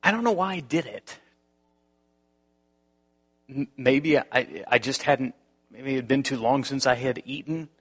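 A male pastor delivering a sermon, telling a personal story in an animated way, with frequent restarts. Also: mid-range voice, measured pace, pauses often, breathy edge.

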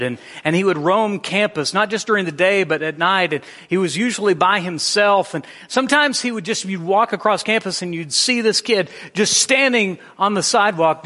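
A pastor preaching a sermon, telling a story with shifting emphasis. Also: male voice, high-pitched, pushed and bright, in a large hall.

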